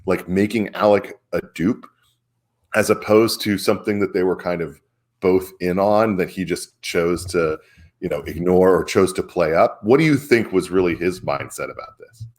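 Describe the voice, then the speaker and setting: A man's voice: low voice, moderate pace. A man hosting a casual political chat, talking in a rambling way with many fillers. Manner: rambling, filler-heavy, asks questions. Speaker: podcast host.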